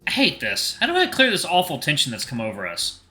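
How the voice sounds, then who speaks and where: Man reading a jittery earnest young guy, bright animated game voice. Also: fairly high pitch, brisk, faint music behind, exaggerated voice. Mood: uneasy. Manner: nervous, self-reassuring.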